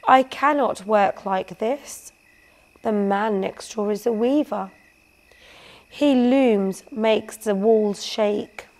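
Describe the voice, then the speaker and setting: A woman's voice: mid-range voice, slow, a little mellow. Woman reading as a boastful showy painter. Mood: scheming. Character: boastful excitable male Renaissance painter.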